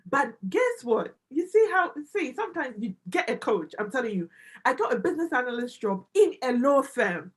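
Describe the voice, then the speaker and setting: Woman guest on a livestream, fairly high voice, emphatic, repeats herself, excited testimony. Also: normal speed, rough recording. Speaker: guest, business analyst and immigration adviser.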